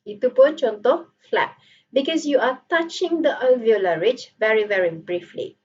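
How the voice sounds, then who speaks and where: A woman's voice: on the high side, lively intonation, normal speed, a little mellow, distant mic, dull audio. A woman with a Malaysian accent giving a phonetics lecture, playful and switching between Malay and English as she demonstrates sounds. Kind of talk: recorded online lecture.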